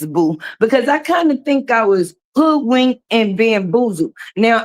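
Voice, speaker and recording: Her voice is hoarse and a little high as she hosts a casual garage live stream. The woman chats away, welcoming viewers by name and calling them baby.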